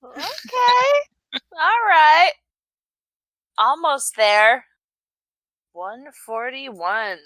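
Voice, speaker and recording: Bright, lively woman playing a tabletop game. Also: sits high, drawn-out words, pauses often, dry recording. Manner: lively, laughing, swearing, has been drinking. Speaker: player. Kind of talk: casual game chat.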